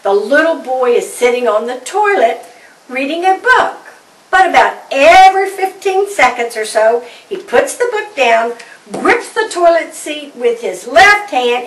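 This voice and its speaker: Slow-speaking woman telling a joke. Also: high voice, very animated, fairly bright tone. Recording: roomy sound from a distant mic.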